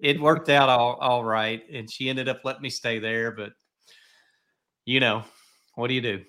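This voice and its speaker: A man's voice: mid-range voice, fairly even intonation, normal speed, pushed and bright. A middle-aged man hosting a podcast, telling stories in a rambling, chatty way. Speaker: podcast host. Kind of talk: casual podcast chat.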